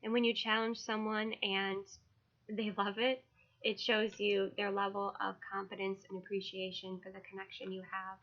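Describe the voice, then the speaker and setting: A woman who reads tarot and is launching her own card deck, talking casually, emotionally and haltingly, with many fillers. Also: medium pitch, monotone, fairly bright tone, dull audio. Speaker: tarot reader and deck creator. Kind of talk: casual video walkthrough.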